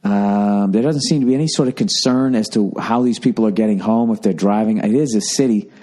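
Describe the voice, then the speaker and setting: A man's voice: lowish voice, a little fast, mellow. Profane rambling Boston man telling stories. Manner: profane, rambling, sarcastic storytelling. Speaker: podcast host. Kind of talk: casual comedic storytelling.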